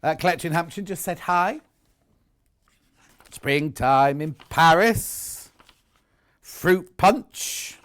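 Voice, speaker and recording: A man's voice: on the high side, slow, long pauses, a bit bright. A middle-aged man presenting products live on a home shopping channel, chatty, enthusiastic and jokey about himself.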